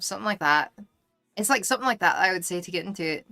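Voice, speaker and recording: A woman's voice: medium pitch, animated, fast, pushed and bright, no echo, soft background music. A young woman streamer with a slight Southern US twang, chatting casually and self-consciously, rambling and reading chat aloud.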